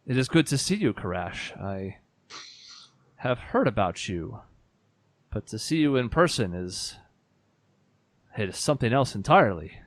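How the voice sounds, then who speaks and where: A man voicing a weary, earnest male blue dragonborn sailor in a tabletop game, speaking in a measured, storytelling way. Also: fairly low pitch, very animated.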